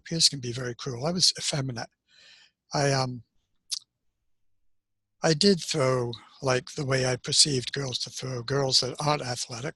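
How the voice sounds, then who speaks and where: An older man gently telling a personal story from his childhood, unhurried and pausing often, as if on a video call. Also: medium pitch, breathy edge, no echo. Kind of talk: personal story, reflective monologue. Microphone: webcam on a video call.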